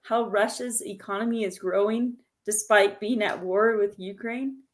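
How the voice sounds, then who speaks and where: A woman's voice: mid-range voice, steady tone, measured pace. A woman co-hosting a casual podcast, talking in a loose, hesitant way with small questions and fillers. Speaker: podcast co-host. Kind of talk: casual chat.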